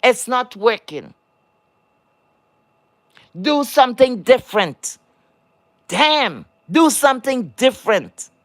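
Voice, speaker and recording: A woman's voice: on the high side, sing-song, slow, pauses often. A woman moderating a livestream chat, lecturing and scolding viewers in a blunt, profane rant.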